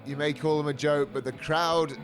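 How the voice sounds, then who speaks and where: A man's voice: on the high side, fairly even intonation, normal speed, a bit bright, soft background music. A man doing play-by-play wrestling commentary in an upbeat, slightly hesitant way.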